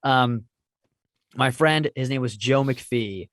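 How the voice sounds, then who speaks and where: A man's voice: medium pitch, slow pace, a bit bright, dry recording, studio quality. A man in his twenties, a podcast co-host and comedian, telling stories in a rambling, self-deprecating way. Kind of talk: casual chat, storytelling.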